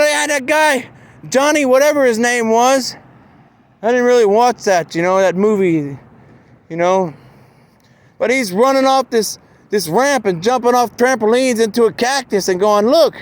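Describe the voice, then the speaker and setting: A man's voice: very high-pitched, moderate pace. A man in a meandering, casual monologue who keeps saying "man" and "you know" and acts out the voices he quotes.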